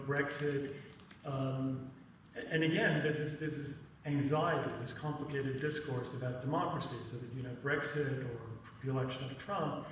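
A man giving a talk at a teach-in, halting and repeating words, with many ums and tag questions. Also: medium pitch, a little hiss or hum. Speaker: teach-in speaker. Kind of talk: lecture with frequent fillers. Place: lecture room. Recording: echoey room, mic far off.

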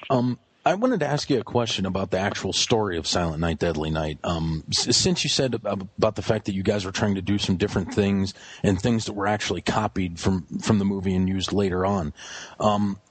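A man with a low, husky voice asks his questions haltingly, pausing on "um"s. The sound is dry and close, with no room echo. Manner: hesitant with fillers. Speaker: interviewer. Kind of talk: interview questions.

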